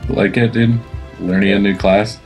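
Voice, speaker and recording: A man from Canada co-casting an online tournament, talking in a relaxed, reflective way and saying "like" a lot. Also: on the low side, moderate pace, soft background music. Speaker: co-caster. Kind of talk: casual esports co-commentary.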